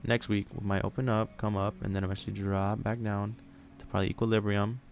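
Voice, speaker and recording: Playful, gravelly-voiced man streaming live. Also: on the low side, flat delivery, quick pace. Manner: playful, rambling, thinking aloud. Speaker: livestream trading host. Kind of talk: casual live commentary.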